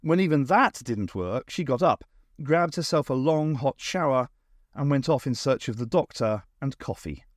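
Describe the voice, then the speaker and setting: A man reading a novel aloud as an audiobook narrator, in an expressive, measured way. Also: mid-range voice, dry recording, studio quality. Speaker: audiobook reader.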